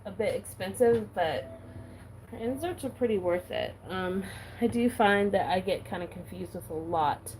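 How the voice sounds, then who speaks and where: A woman's voice: mid-range voice, normal speed, a little mellow, a little hiss or hum, poor audio. A woman vlogger chatting casually while she stamps her planner, giggly and talking with a valley-girl lilt.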